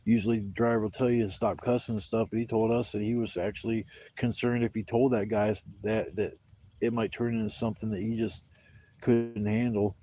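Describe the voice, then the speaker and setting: A man's voice: fairly low pitch, flat delivery, a little fast, dark tone. A man livestreaming from his outdoor campsite, telling rambling, profanity-laced stories in a casual way. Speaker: camping livestreamer.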